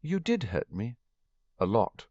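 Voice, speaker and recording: A man's voice: lowish voice, very animated, mellow, slightly rough, no echo, pitched above the performer's own voice, full character voice. A man voicing an earnest bookish teenage girl. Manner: earnest, talks in quick rushes. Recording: dull, muffled dry recording.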